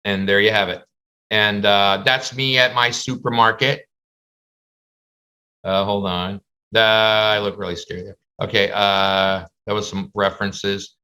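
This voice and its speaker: A man's voice: on the low side, steady tone, unhurried, sharp tone. A man teaching a class over a video call, chatty and full of stories. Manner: chatty, storytelling, slips into comic voices. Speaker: face painting instructor.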